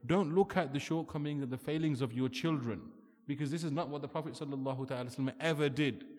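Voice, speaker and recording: A man's voice: on the high side, fast, darkish tone. A man preaching an earnest, emphatic sermon, asking rhetorical questions as he lectures. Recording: long hall reverb.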